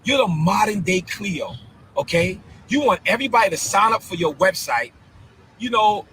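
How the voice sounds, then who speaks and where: A man in a heated live-stream rant, talking like a preacher. His voice sits high and rings bright and sharp, and he keeps breaking into incredulous, repeated outbursts. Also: expressive, moderate pace, slight background noise, poor audio. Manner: fiery, repetitive, confrontational preaching cadence. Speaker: bishop.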